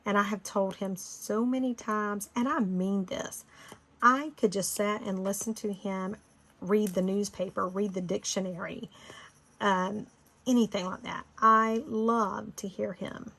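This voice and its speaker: A woman's voice: mid-range voice, steady tone, unhurried, vocal fry, fairly bright tone. A middle-aged woman with a Southern Georgia accent, chatting casually and rambling while she leads a design tutorial. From Florida. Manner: chatty, rambling, laughs easily. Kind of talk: casual screen-recorded tutorial chat.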